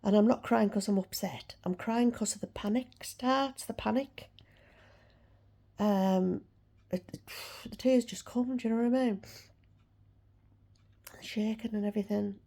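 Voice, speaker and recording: A woman's voice: a little high, unhurried, creaky, long pauses, warm tone. A woman, chatting frankly to camera and ranting about a dentist. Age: 60s. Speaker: vlogger. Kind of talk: casual chat to camera.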